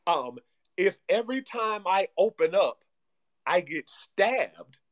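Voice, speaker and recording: A man speaking as a guest relationship coach in animated podcast talk, energetic and repeating himself like a preacher. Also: high voice, slow pace, dull audio.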